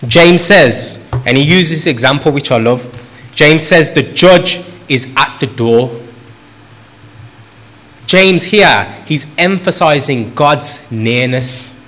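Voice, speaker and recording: A man's voice: fairly high pitch, a bit bright. A man preaching a sermon in an earnest way, repeating phrases for emphasis and lifting his voice on key points.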